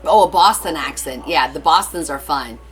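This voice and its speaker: A woman's voice: low voice, normal speed, a bit bright, soft background music. A woman hosting a casual crafting live stream, chatting and joking with viewers and laughing often. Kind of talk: casual chat while crafting, reading viewer comments.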